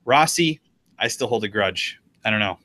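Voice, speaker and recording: Rambling man with a bright, tense voice. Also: fairly low pitch, lively intonation, normal speed, no echo. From United States. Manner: rambling, loose, full of fillers. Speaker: podcast co-host. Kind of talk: casual sports chat.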